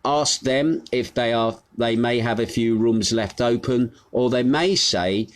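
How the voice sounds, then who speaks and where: A man hosting a local news show from his home, talking casually and haltingly with many fillers. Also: medium pitch. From United Kingdom. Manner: rambling, halting with frequent fillers. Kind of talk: casual live news monologue.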